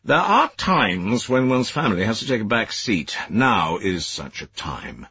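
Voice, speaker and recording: A man's voice: fairly low pitch, big pitch swings, unhurried, pushed and bright, husky, no room sound, dull audio, pitched above the performer's own voice, exaggerated voice. A man voicing a stern older former soldier, a senior private secretary who speaks in clipped, commanding, disapproving tones.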